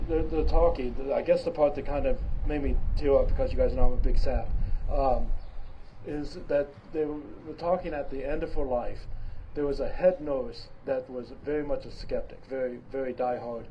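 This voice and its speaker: Man preaching a lively, emphatic sermon. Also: mid-range voice, moderate pace. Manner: emphatic preaching with big swings in loudness; conversational with fillers and restarts. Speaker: pastor. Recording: dull lo-fi sound with clear background noise.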